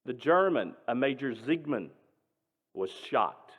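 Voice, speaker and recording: A male pastor tells a story from the pulpit, emphatic and dramatic, his voice swinging between loud and hushed. The voice sits in a middle range. The sound is thin and phone-like, with a long echo. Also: medium pitch, animated, takes it slowly, husky. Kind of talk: storytelling sermon. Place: synagogue sanctuary. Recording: tinny, echoing hall.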